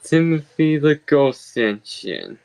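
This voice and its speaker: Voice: mid-range voice, wildly swooping pitch, takes it slowly, creaky, a little mellow. A co-viewer on a casual stream who often echoes the other speakers' words back. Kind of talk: casual chat.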